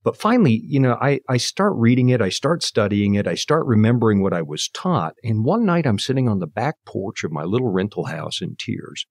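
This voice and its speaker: Brief: fifties man, guest preacher, testimony storyteller, lower voice that swings widely, dry close sound. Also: brisk, hardly any pauses, no room sound. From Canada. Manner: animated storyteller, acts out quoted voices. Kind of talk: personal testimony in conversation.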